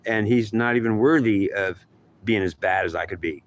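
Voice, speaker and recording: A man's voice: fairly low pitch, moderate pace, a little hiss or hum. A man in a rambling self-dialogue, arguing back and forth with himself, swearing and repeating himself.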